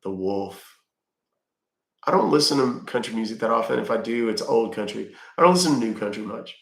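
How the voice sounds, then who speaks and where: A man talks casually with his viewers in a gravelly, fry-edged voice, answering their questions with easy fillers. His voice echoes around the room he is in, and he sits at a middle pitch for a man. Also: fast. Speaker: livestream host reading chat. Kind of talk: casual chat.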